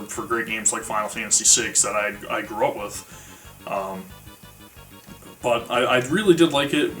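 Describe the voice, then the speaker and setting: A man's voice: medium pitch, a bit bright. Man reviewing a game, casual and rambling, mic a bit far off, faint music behind. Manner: rambling, many fillers and restarts.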